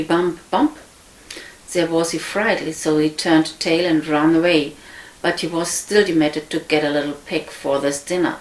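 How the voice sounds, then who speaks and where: A woman reading a fairy tale aloud in an unhurried manner, with frequent slips and restarts. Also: deep voice. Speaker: storyteller. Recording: echoey room.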